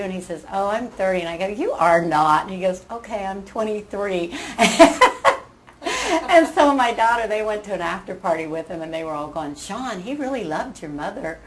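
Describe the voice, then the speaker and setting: An older woman, a surgery patient, telling a lively anecdote in casual chat and acting out the quotes. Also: mid-range voice, slight background noise, rough recording. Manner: animated storyteller, acts out quotes, laughs.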